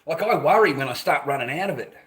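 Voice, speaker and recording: A man's voice: on the high side, expressive, fast talker, a bit bright. Rambling, swearing Australian man. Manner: swears a lot, tells stories with repeated phrases. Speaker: vlogger. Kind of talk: casual rambling monologue.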